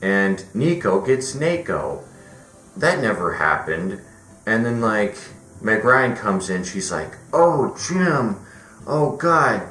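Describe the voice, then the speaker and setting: A man's voice: lowish voice, expressive, takes it slowly, sharp tone. A man giving a casual, rambling movie review, full of fillers and restarts. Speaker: film reviewer. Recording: roomy echo with faint music.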